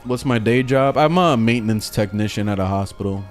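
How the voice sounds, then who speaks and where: A man streaming a video game, chatting casually and telling an animated story with lots of swearing, reading questions from chat, faint game music behind him. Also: lowish voice, a little fast.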